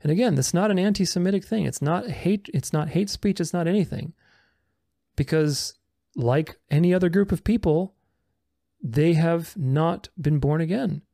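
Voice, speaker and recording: A man with a gravelly, mellow voice pitched a little high argues his points in casual commentary. His delivery is sarcastic and combative. The recording is dry and close. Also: normal speed, dry recording. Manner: sarcastic, argumentative, reads comments aloud and rebuts them. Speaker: religious commentator responding to comments.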